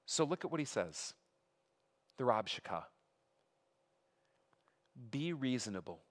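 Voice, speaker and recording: A man's voice: medium pitch, sing-song, slow, long pauses. A man giving a conversational sermon as a pastor, reading scripture aloud with emphatic rises and making asides to the congregation. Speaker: pastor teaching a Bible study. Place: church sanctuary. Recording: long reverb of a hall.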